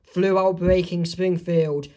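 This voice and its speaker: A man voicing a male TV news anchor in a fan comic reading, slow and formal. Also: high-pitched, steady tone, mellow. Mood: announcing.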